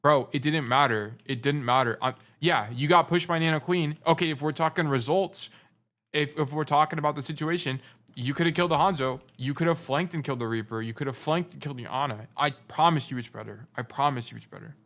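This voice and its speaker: A man's voice: fairly high pitch, a little fast, a bit bright. A young adult man giving casual gameplay review commentary as a coach, blunt and teasing, repeating his points for emphasis. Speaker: game coach.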